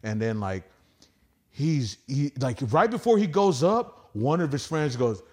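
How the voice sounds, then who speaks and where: A man's voice: mid-range voice, very animated, measured pace, darkish tone. A man hosting a casual podcast, telling stand-up stories in a rambling, profane way and acting out quotes. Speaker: podcast host and stand-up comic. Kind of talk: casual storytelling chat.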